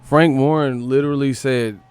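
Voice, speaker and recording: Young man, profane live-stream host, casual slangy rant, mid pitch. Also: steady tone, normal speed, darkish tone, clear, resonant tone, soft background music. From Northern California. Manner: slangy and profane, mocks with put-on voices and laughter.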